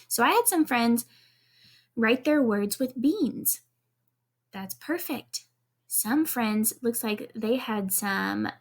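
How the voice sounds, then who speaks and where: Slow, bright-voiced kindergarten teacher woman. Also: on the high side. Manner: encouraging, slow and clear, spells out letters one by one. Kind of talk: video lesson for young children.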